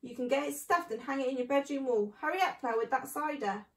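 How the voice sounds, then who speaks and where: A woman's voice: high-pitched, quick pace, roomy sound. A woman voicing an impatient, bossy farmer's wife who snaps orders, in a storybook reading. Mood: snappish. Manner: sharp and snappish.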